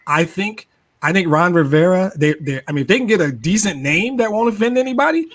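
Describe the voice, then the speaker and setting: Male sports-talk regular, slightly high voice, animated and laugh-prone, casual podcast delivery. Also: brisk. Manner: animated, repeats words, laughs often.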